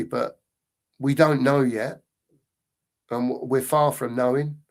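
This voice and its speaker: A middle-aged man co-hosting a football fan channel, chatting loosely on a live stream and reading out viewer comments. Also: mid-range voice. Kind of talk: casual live-stream chat.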